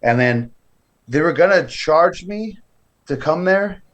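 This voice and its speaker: A man's voice: fairly high pitch, slow pace, dull audio. Man telling a story in a casual interview. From California. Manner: lively storyteller who acts out other people's voices. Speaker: guest, professional wrestler.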